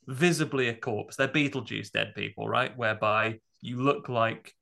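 A man's voice: mid-range voice, fairly even intonation, moderate pace, creaky, bright, forceful tone. A man co-hosting a podcast, chatting casually and animatedly retelling horror film scenes. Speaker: podcast co-host.

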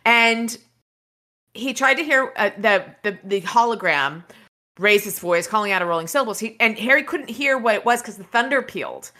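A woman's voice: fairly high pitch, animated, moderate pace, sharp tone. A woman podcast host casually retelling a novel's chapters, rambling with fillers and restarts. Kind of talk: casual book recap.

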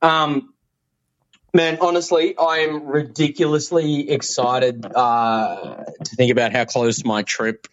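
Excitable rambling man on a dull line. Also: medium pitch, takes it slowly, no echo. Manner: excitable, rambling, self-mocking. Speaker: voicemail caller. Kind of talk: casual voicemail chat.

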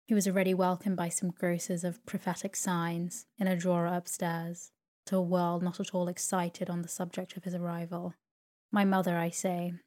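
A woman narrating a classic novel as a sleep story in a calm, even manner. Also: lowish voice.

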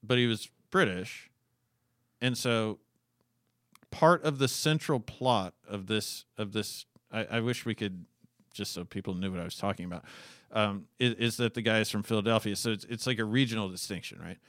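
A man's voice: on the low side, moderate pace, a bit bright, no echo, studio quality. A man co-hosting a podcast in casual chat, ranting and swearing, exasperated. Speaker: podcast co-host.

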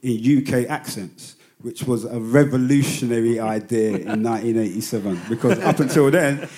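A man from London in his fifties with a London accent, a rapper telling stories as a guest in a casual interview, animated, swearing freely and laughing often. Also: medium pitch, normal speed. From London, England.

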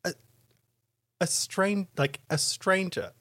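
A man's voice: high-pitched, slow, bright, forceful tone, no echo. A man co-hosting a casual comedic book talk, reading excerpts aloud with laughing asides. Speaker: podcast co-host.

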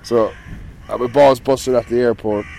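A man's voice: mid-range voice, steady tone, normal speed, vocal fry, dark tone, a little hiss or hum, low-quality recording. Foul-mouthed Irish man telling stories. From Ireland. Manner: profane, rambling, swears constantly. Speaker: interview guest. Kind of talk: casual storytelling.

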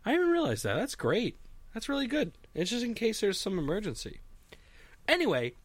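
A man's voice: high voice, huge pitch swings, normal speed, dry recording. A young man in a casual solo monologue from a home basement, rambling, swearing and mocking himself.

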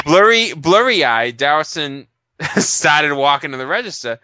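A man's voice: mid-range voice, big pitch swings, moderate pace, pushed and bright, no echo. A man co-hosting a casual comedy podcast, reading news stories aloud and riffing on them with swearing and laughter. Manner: profane, laughing, reads news aloud with jokes. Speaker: podcast co-host.

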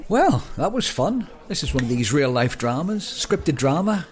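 A man's voice: a little high, big pitch swings, normal speed, heavy background noise. A man in his sixties from Northern Ireland, co-hosting a podcast in casual chat, rambling with many restarts and chuckles. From Northern Ireland, outside Belfast. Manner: rambling, self-interrupting, chuckling. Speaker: podcast co-host.

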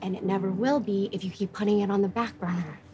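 A woman's voice: mid-range voice, fairly even intonation, fast, close to an everyday voice. An actress playing a young woman in a film who earnestly pushes her friend toward a bigger career. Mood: insistent. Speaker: film character. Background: film score.

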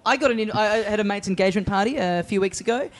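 A man with an Australian accent tells a story at a fast clip, words tumbling out quickly. He rambles casually through the anecdote, slipping into the voices of the people in it. It sounds like comedic podcast chat at a studio mic. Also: high-pitched.

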